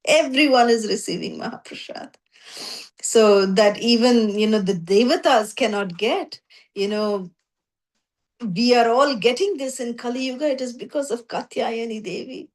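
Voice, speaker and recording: A joyful, kindly holy man explaining with warmth, spoken by a woman in her own high voice. Plain and unhurried, close to her narration. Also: natural voice. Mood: blissful. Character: joyful, kindly male saint.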